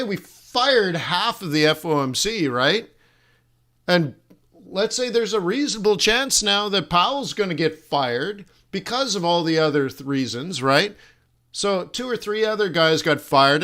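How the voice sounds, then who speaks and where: A middle-aged man hosting a live-streamed trading lesson, animated and joking, teasing his viewers as he rambles with frequent laughs and restarts. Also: a little high. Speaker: forex trading instructor and host.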